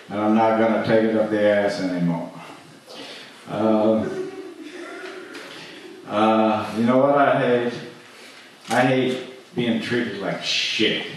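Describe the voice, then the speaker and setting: A man delivers a stand-up set slowly and haltingly, with frequent uhs and restarts. His voice sits low. He is caught from a distance in a very echoey comedy club, with faint noise behind him. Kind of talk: open-mic stand-up set. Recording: echoey club miked from afar.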